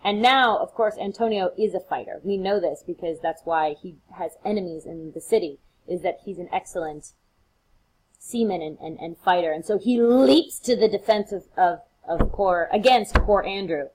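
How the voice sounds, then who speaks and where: A woman's voice: on the low side, normal speed, a little mellow, poor audio. Female lecturer, easygoing, retells each scene in everyday words with playful asides. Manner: casual, retells scenes with playful acted quotes. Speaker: literature lecturer. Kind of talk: recorded lecture.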